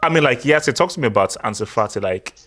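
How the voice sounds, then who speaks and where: A young man co-hosting a casual football chat show, animated and laughing, often repeating himself. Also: medium pitch, quick pace, slight background noise. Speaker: podcast co-host.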